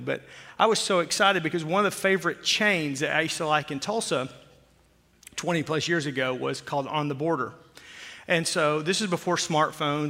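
A man in his forties from Oklahoma, a pastor preaching a sermon with jokey, animated storytelling. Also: on the high side, vocal fry. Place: church sanctuary. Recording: long hall reverb.

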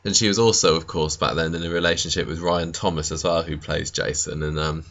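A man with a very deep voice co-hosts a podcast in a relaxed, rambling way. He talks casually and laughs easily. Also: brisk, dull audio. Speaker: podcast co-host. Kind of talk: casual chat recapping a soap.

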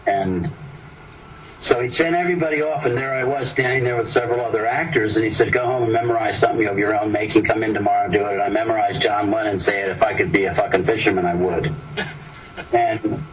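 A man's voice: lowish voice, quick pace, over a noisy crowd. An older man, an actor, telling a rambling anecdote in casual interview talk, acting out the people he quotes. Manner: rambling, lively storyteller voicing quoted people. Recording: distant mic with clear background noise.

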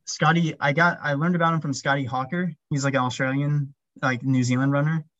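A man's voice: a little high, steady tone, a little fast, fairly bright tone, no echo, lo-fi sound. A man chatting casually as an interview guest, rambling with lots of "um" and "like" fillers. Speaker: podcast guest, ultrarunner.

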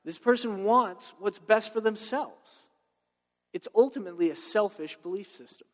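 A man preaching a sermon in a conversational, animated way, full of personal stories and checking in with "right?". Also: high-pitched, normal speed. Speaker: pastor. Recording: long reverb of a large hall.

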